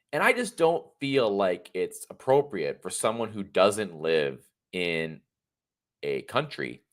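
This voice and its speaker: Deep-voiced man rambling on a livestream. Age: 30s. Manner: rambling, joking, off-the-cuff. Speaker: livestream host. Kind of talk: unscripted livestream commentary.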